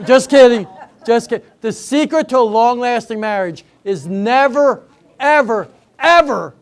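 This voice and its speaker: Older man doing high-pitched stand-up. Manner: chatty storytelling, banters with the audience. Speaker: stand-up comedian. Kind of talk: stand-up comedy routine. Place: senior center hall before a live audience.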